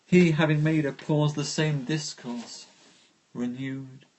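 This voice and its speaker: A man hosting a live poetry stream, reciting verse slowly and dreamily, then chatting with viewers between poems. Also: fairly high pitch, steady tone, a little mellow. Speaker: host reading poetry aloud.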